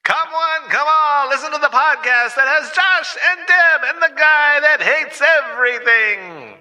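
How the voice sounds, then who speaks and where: A showy male carnival barker, as a podcaster puts him on, squeaking his calls way up high. He stretches each word slowly, and his voice rings bright and piercing. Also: lively intonation, full character voice. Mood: mocking, showy. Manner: loud drawn-out hawking calls.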